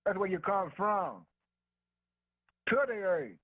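A man preaching with a fairly high voice, pressing his points in a rhythmic, repetitive way. He fires off quick questions and answers them himself, slipping "man" and "boy" between phrases in an informal dialect. The sound is dry and close, with no room echo. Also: expressive, breathy edge, narrow, tinny audio. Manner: informal dialect speech with "ain't no". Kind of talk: sermon.

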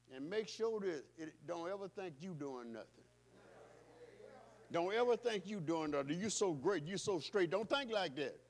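A male pastor preaching a sermon with rhythmic, repetitive phrasing, swinging between loud calls and hushed passages. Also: high-pitched, lively intonation, moderate pace. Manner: repetitive, call-and-response phrasing.

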